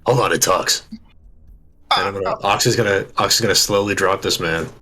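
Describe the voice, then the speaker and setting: Low, bright-toned man at the game table. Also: brisk, husky. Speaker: player.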